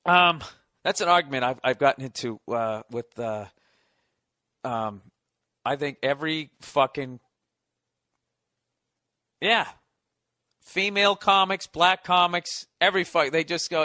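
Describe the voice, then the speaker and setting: An American podcast host with a fairly high, sharp-toned voice speaks at a measured pace with frequent pauses. Recorded cleanly on a studio podcast mic with no echo, he delivers a sarcastic, comedic rant, mocking things and swearing freely.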